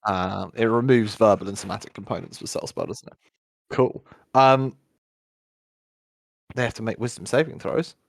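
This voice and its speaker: A man narrating as game master of a tabletop game, relaxed and chatty with frequent fillers. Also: lowish voice, normal speed, creaky, pauses often, dry recording, studio quality. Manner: relaxed and chatty, laughs often, many fillers.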